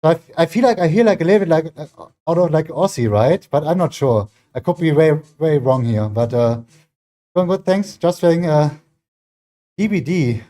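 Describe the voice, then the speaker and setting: A man's voice: on the high side, animated, normal speed, warm tone. A man streaming from his home gym mid-workout, chatting loosely with viewers and filling his speech with "like", a non-native English speaker. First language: not English. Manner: rambling, heavy use of "like" as filler; reads and answers chat messages. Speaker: fitness streamer. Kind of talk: casual livestream chat.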